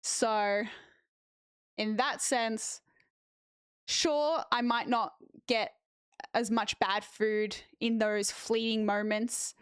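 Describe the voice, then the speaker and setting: A young Australian woman chatting casually with viewers as a streamer, lively with animated asides. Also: on the high side, drawn-out words, long pauses, clean tone, dry recording, clean studio sound. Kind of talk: casual chat reading viewer messages.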